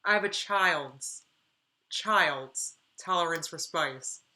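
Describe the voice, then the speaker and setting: A woman streaming and reacting to a clip, chatty and encouraging. She keeps breaking off into apologetic asides. Her voice sits low but sounds bright and clear. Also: slow. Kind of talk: casual reaction commentary.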